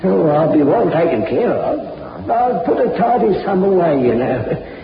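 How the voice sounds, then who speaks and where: An actor playing a cheerful old morgue attendant of about seventy, with homely, chuckling, drawn-out speech in an old-time radio drama. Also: male voice, fairly high pitch, wildly swooping pitch, gravelly, slight background noise, heavily acted. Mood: contented. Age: older. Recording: dull old radio recording with long echoey reverb.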